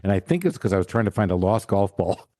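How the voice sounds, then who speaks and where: Man, middle-aged, lowish voice, animated self-mocking storyteller, dry close sound. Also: quick pace, dry recording. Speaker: podcast host. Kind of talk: casual chat.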